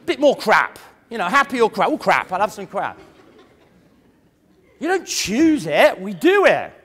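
A man giving a lively motivational seminar talk to an audience, chatty and full of mimicked voices. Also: sits high. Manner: animated, conversational, mimics imagined voices. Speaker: motivational speaker. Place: large room before an audience. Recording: echoey hall.

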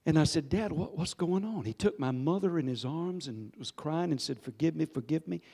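A pastor in his sixties preaching a sermon, telling a story with sudden swings between hushed and loud delivery and calling on the congregation to respond. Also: fairly high pitch, lively intonation, normal speed, breathy edge. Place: church sanctuary.

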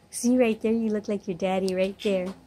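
Middle-aged woman, baby talk, cooing sing-song, slow unhurried delivery, soft home noise on a phone. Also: mid-range voice, fairly even intonation. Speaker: vlogger. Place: home, indoors.

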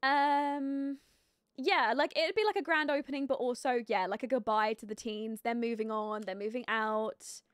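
A young woman with a high, bright voice runs a relaxed live game stream, thinking out loud and breaking into giggles. She greets her chat by name between comments on the game. The sound is close and dry, with no room around it. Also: normal speed, smooth, no echo. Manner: chatty and giggly, thinking aloud with many fillers, greeting chat viewers. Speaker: live streamer playing a life-sim game. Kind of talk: casual gameplay commentary.

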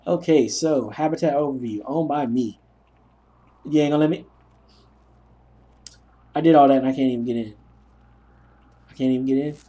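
A man's voice: mid-range voice, moderate pace, pauses often, warm tone. A young man narrating a gameplay session, telling rambling, self-mocking stories as he plays. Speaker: gaming commentator. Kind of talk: let's play commentary.

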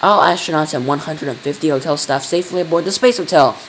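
A man's voice: a little high, quick pace, a bit bright, a little hiss or hum, poor audio. Guy doing a gushing eager astronaut reporting in, storybook. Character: eager male astronaut on the radio.

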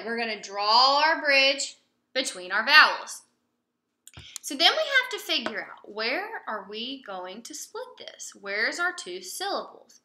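A young woman teaching a phonics lesson to young pupils, patient and prompting, pausing for answers and praising them. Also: on the high side, noisy background. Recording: roomy echo.

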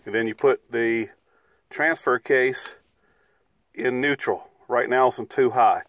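A man's voice: mid-range voice, steady tone, a little slow, a bit bright. Folksy man explaining RV towing steps. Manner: folksy, chatty, explains step by step. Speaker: RV vlogger. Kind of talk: casual how-to vlog. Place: outdoors beside his RV.

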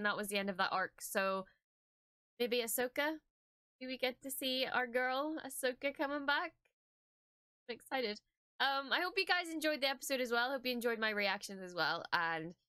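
Young woman, high bright voice, chatty and emotional, filler-heavy, dry close recording. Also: smooth, dry recording. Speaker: streamer and reaction host. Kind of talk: casual reaction commentary.

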